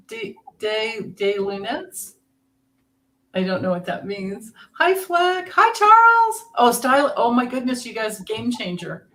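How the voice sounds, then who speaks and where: A woman's voice: a little high, fairly bright tone. A middle-aged woman hosting a casual tarot livestream, chatting and greeting viewers by name with frequent laughter.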